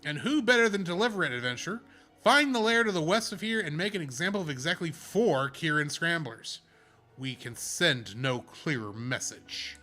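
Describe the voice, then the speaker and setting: A man's voice: a little high, expressive, normal speed, bright, forceful tone, soft background music. A man voicing a stern female soldier in a game, speaking in a grave, formal way.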